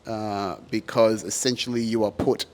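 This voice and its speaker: A man's voice: on the low side, steady tone, normal speed, a little mellow. A man hosting a podcast in a casual monologue, rambling with many fillers and frequent laughter. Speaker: podcast host.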